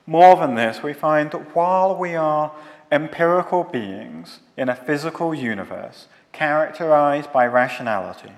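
A man giving a measured, solemn sermon, building long rhetorical lists. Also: fairly high pitch. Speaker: preacher. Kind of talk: scripted theological sermon. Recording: long hall reverb.

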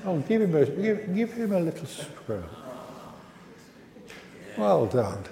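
Guy leading family service, lively up-and-down voice, dark tone, roomy church sound. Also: high voice, slow, creaky. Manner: gentle, coaxing, questions to children. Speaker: licensed lay minister. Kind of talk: family service talk with a puppet. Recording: echoey church hall.

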